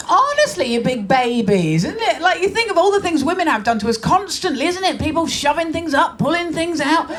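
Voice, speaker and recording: A woman's voice: high-pitched, very animated, brisk, few pauses, fairly bright tone, a little hiss or hum. A middle-aged woman performing a stand-up comedy routine in a brash, conversational, mock-exasperated way on a club stage. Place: comedy club stage before a laughing audience.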